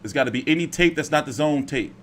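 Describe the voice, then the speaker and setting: A man's voice: fairly high pitch, quick pace, slight background noise. A man hosting a casual boxing stream at home, rambling and swearing freely as he chats. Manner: profane, rambling, animated. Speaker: boxing commentator. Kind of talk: casual livestream chat.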